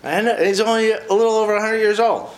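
A man's voice: high-pitched, steady tone, quick pace. A man in a casual talk, reading a short biography aloud and breaking off for chatty personal asides. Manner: chatty, with frequent personal asides between read passages.

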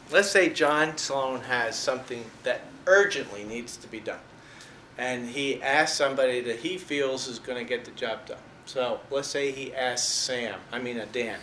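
A man with a medium-pitched, pushed and bright voice gives an informal Bible teaching, conversational in tone and pressing hard on key words. He chuckles at his own jokes, and the room is echoey with faint background noise.

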